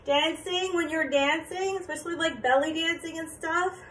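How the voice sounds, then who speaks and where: Chatty woman vlogger with a high voice, encouraging tone, distant mic in an echoey room. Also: fairly even intonation, moderate pace, a bit bright, slight background noise. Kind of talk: casual dance tutorial. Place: indoor room.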